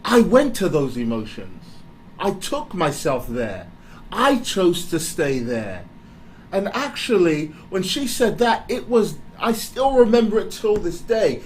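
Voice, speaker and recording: A man giving a candid motivational talk, animated and confessional, often breaking into laughter. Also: high voice, unhurried, slight background noise, rough recording. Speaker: speaker.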